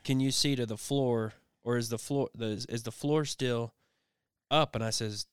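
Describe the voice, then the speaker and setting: Man, host, casual storytelling, restarts often, smooth tone. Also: medium pitch, fairly even intonation, a little slow, dry recording, clean studio sound. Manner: rambling, storytelling with many restarts. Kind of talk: casual conversation.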